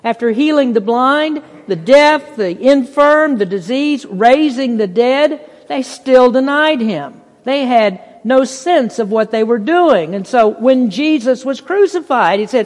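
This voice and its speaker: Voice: expressive, measured pace, hardly any pauses. Preacher with a long hall reverb. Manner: reads scripture in King James wording, rises in pitch for emphasis. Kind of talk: sermon. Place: church sanctuary.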